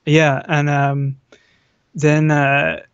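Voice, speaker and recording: A man, a voice actor, answering interview questions in a modest, hesitant way with many pauses. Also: a little high, completely flat delivery, smooth, no room sound, highs cut off. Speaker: voice actor guest. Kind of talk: casual online interview.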